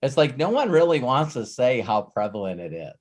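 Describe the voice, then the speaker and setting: A man's voice: medium pitch, big pitch swings, fairly quick. A man hosting a live coaching session, talking in a rambling way with frequent restarts and repeated words. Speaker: host and life coach.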